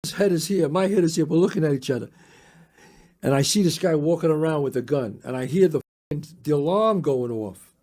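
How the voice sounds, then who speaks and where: An older man from the Bronx, telling a story as a podcast guest in a lively, profane way, acting out the other people's voices. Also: fairly high pitch, a little fast. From the Bronx, New York. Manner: animated, profane, acts out the voices in his story. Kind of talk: casual storytelling.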